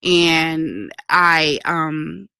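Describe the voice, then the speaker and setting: A woman's voice: low voice, lively intonation, drawn-out words, gravelly, sharp tone, clean tone, no echo. A woman who works as a virtual news interviewer, telling her story in casual chat and getting emotional and tearful.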